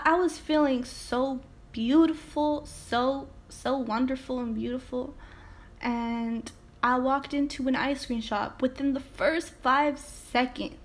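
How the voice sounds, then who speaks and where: A young woman from California hosting a casual motivational podcast, talking straight to her listeners with emphatic, swear-laced storytelling. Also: sits high. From Salinas, California. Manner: emphatic, swears freely, speaks directly to listeners. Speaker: podcast host.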